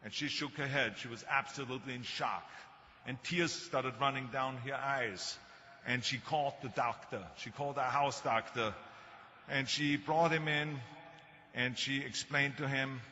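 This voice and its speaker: A man's voice: medium pitch, fairly even intonation, normal speed, bright, forceful tone, a little hiss or hum. An older man with a thick Austrian German accent gives a motivational speech, telling stories with dry humor. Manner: storytelling with humor. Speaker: speaker. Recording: muffled hall recording.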